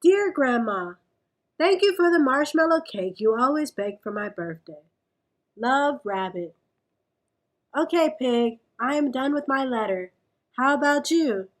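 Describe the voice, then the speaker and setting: A woman reading a storybook aloud, voicing an eager, chatty young rabbit in a bright voice. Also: high voice, expressive, measured pace.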